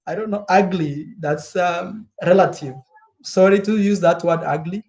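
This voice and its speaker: A young man from Kenya chatting casually and live with his viewers, animated and repetitive, laughing often. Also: sits high, measured pace. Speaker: travel vlogger.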